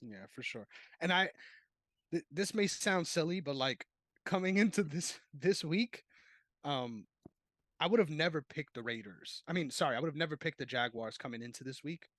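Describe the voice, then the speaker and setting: A man's voice: fairly high pitch, lively intonation, moderate pace, a bit bright, no room sound. A man co-hosting a casual sports podcast, joking and swearing, laughing often. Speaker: podcast co-host.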